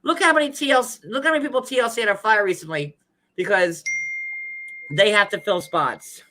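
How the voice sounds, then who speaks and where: A chatty man hosting a casual commentary show, his voice bright and forward. He talks loosely, full of "like" and restarts, stopping often to read comments aloud in his own words. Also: high-pitched, brisk. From United States.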